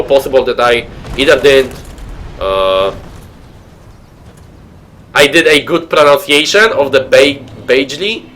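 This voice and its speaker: A man's voice: mid-range voice, a bit bright, a little hiss or hum. A man from Poland with a Polish accent, rambling in casual chat to viewers while playing a game on stream. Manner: rambling, chatty, many fillers and restarts. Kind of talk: casual let's-play chat.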